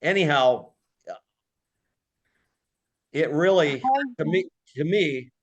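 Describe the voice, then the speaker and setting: A man's voice: a little high, takes it slowly, muffled recording. A man giving an informal talk over a video call, rambling and teasing in a jokey way. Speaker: lecturer.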